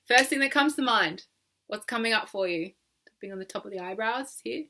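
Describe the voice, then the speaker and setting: A woman's voice: on the high side, lively intonation, brisk, pushed and bright. A young woman leading a guided tapping session in a playful, coaxing way, laughing often and exaggerating her words. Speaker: EFT tapping coach.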